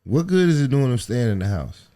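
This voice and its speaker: Male podcast cohost, profane and playful, animated delivery. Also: mid-range voice, fairly quick. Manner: slangy, joking, profane. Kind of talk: casual chat.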